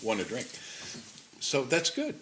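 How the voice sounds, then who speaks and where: A man's voice: mid-range voice, wildly swooping pitch, measured pace, fairly bright tone, slight background noise, rough recording. A man hosting a casual interview show, easygoing, with teasing asides. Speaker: talk show host.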